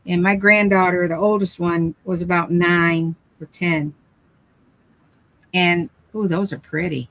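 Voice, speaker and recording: A woman's voice: fairly low pitch, fairly even intonation, a little slow, rough recording. An older woman hosting a casual craft chat, telling rambling family stories with lots of restarts. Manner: chatty, rambling storyteller with frequent restarts. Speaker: craft live stream host.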